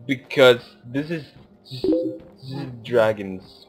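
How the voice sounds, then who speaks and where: A man giving casual gameplay commentary, swearing often and swinging between loud outbursts and muttered asides. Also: medium pitch, big pitch swings, takes it slowly, faint music behind. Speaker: gaming video host.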